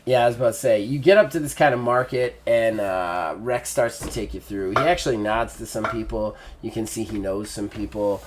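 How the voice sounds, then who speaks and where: A man's voice: lowish voice, brisk, hardly any pauses, slight background noise. A man narrating a tabletop game as game master, in a casual, chatty way.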